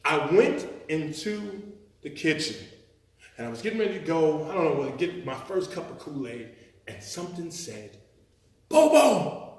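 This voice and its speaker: A man telling a comic story to a live room, loose and animated with plenty of swearing. His voice is high and swings widely. The sound is roomy and echoey, picked up from a distance. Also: moderate pace. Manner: animated, swearing, laughing through lines. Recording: echoey venue, mic from far off.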